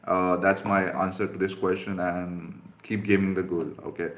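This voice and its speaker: A man with a fairly low voice works through viewer questions as a dating coach. He talks bluntly and instructively, padding his points with frequent fillers. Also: level tone, normal speed. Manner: direct, instructive, with many fillers.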